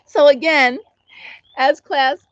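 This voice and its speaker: Middle-aged American woman, live-stream host; chatty and giggly, slightly high voice, muffled dry audio. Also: no echo. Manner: giggly, laughs often while telling a story. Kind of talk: casual chat reading viewer comments.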